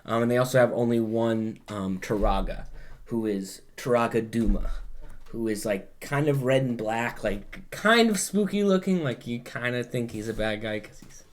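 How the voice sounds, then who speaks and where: A man's voice: medium pitch, normal speed. A man hosting a podcast, recapping in casual chat and rambling, with plenty of filler words and swearing. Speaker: podcast host.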